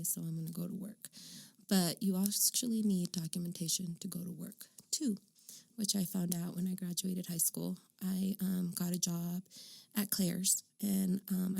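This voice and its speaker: A woman's voice: fairly low pitch, vocal fry, mellow. A woman in her thirties from Arizona, candidly telling her life story in an interview, with lots of "um" and "like". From Arizona, United States. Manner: candid, frequent "um" and "like". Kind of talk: personal storytelling.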